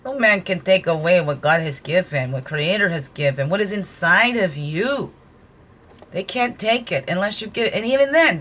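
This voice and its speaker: A woman's voice: medium pitch, lively intonation, fairly quick, fairly bright tone. A woman talking through an oracle card reading, giving casual, earnest spiritual guidance with preachy asides.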